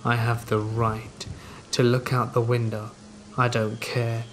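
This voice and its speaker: Man playing a stubborn, sullen middle-aged neighbor, slow defiant delivery, mid-pitched voice, faint hiss of rain behind. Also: monotone, fairly bright tone.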